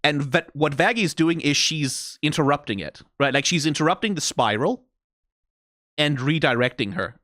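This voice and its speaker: A man with a fairly high, bright, tense-edged voice gives casual commentary as a reaction host. He talks in an animated, rambling way, leaning on "like" and "right?" and swearing freely. The sound is dry and close. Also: moderate pace, no echo.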